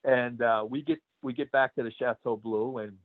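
A man's voice: mid-range voice, steady tone, normal speed, dry recording. A man, a retired pro wrestler, telling road stories in a casual interview, rambling with many fillers and laughs. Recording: tinny phone-like line.

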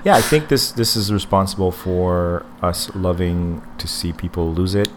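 A man's voice: low-pitched, normal speed, background noise. A man hosting a podcast, rambling through casual stories, swearing and laughing as he goes. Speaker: podcast host. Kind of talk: casual chat.

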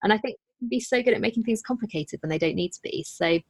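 A woman's voice: mid-range voice, quick pace, husky, no room sound. A woman running a podcast and a business, chatting in an interview in a self-deprecating way, with frequent restarts. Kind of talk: casual interview chat.

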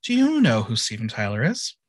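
A man's voice: medium pitch, huge pitch swings, brisk, no echo. A man hosting a casual recap chat, playful and theatrical, teasing his co-host. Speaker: podcast host.

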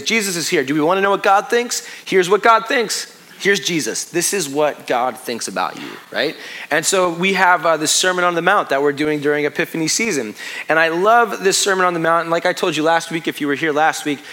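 A pastor in his thirties preaches in an easy, conversational way, stumbling over restarts and letting his voice fall low on the heavy parts. His tone is bright and forward, sitting a little high for a man. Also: lively intonation, brisk. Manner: conversational, repetitive restarts, drops to a hush on heavy points. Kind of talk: sermon.

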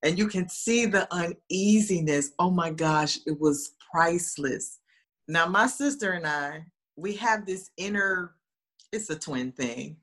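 A woman's voice: fairly low pitch, a little slow. A woman telling funny stories in a casual chat, acting out quoted voices. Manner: lively, animated, acts out quoted voices. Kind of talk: casual storytelling.

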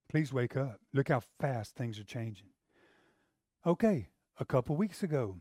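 A man's voice: medium pitch, a little mellow, no echo, clean studio sound. A middle-aged man, preaching a sermon in a conversational style that rises to emphatic outbursts. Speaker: pastor.

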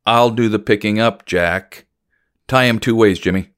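A man reading the part of a calm, firm older blacksmith who gives steady commands. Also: lowish voice, normal speed, clear, resonant tone, close to an everyday voice.

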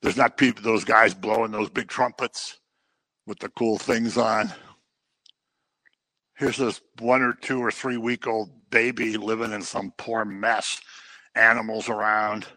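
A man's voice: fairly low pitch, flat delivery, a little slow, pushed and bright, no echo, low-quality recording. A man preaching a conversational sermon, full of joking asides and everyday stories.

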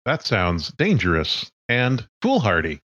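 A courteous half-machine fixer, as a man puts him on for a tabletop game, sounding higher than the performer's deep natural voice. He speaks smoothly and dryly, like a careful dealer weighing a deal. The recording is slightly dull and lo-fi. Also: wildly swooping pitch, a little slow, a bit bright, dry recording, heavily acted. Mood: businesslike. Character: polite scheming cyborg fixer with crane arm.

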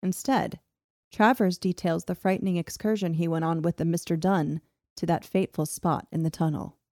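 Woman host, warm dark tone, steady scripted read, dry studio sound. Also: lowish voice, normal speed, no echo. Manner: steady storytelling with laughs between. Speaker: podcast host. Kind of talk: reading a history script with banter.

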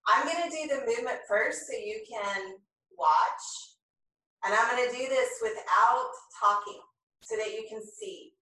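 A woman teaching a yoga class, calmly and slowly cueing each breath and movement. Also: a little high. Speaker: yoga instructor. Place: home room, filmed on own camera. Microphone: camera mic at a distance. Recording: very echoey room, voice far from the mic.

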